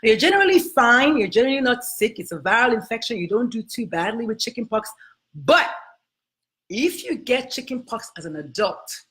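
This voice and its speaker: A woman's voice: on the high side, very animated, normal speed, a bit bright. A woman doctor with an accent hosting a live health stream, talking to viewers in an emphatic, motherly way and calling them honey and baby. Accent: non-American accent.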